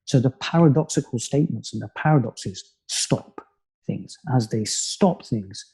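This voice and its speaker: A man from the United Kingdom, a spiritual teacher, talking in a calm, musing way as a podcast guest, with many "you know" asides. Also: medium pitch, unhurried, slightly rough. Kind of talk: reflective conversational podcast talk.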